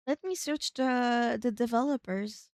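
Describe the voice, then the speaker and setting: A fairly high-pitched woman chats her way through a live game stream, rambling as she thinks aloud and breaking into excited exclamations. The sound is close and dry, with no room echo. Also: a little slow.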